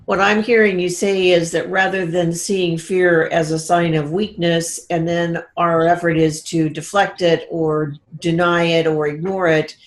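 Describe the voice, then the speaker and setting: A woman's voice: on the low side, level tone, measured pace, few pauses. A woman hosting an interview, summing up her guest's points and thanking her. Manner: warm, affirming listener who sums up. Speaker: interview host. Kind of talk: interview conversation.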